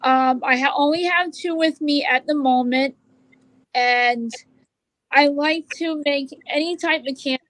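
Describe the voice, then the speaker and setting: A woman's voice: high voice, measured pace, fairly bright tone, no room sound, rough recording. A woman who works as a psychic medium, talking earnestly in an interview and explaining at length with restarts. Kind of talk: casual interview talk.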